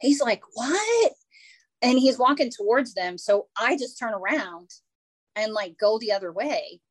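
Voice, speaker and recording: A woman co-hosting a podcast, telling a story in a lively, animated way. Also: medium pitch, normal speed, no echo. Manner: animated, acts out voices in her stories. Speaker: podcast co-host. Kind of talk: casual storytelling chat.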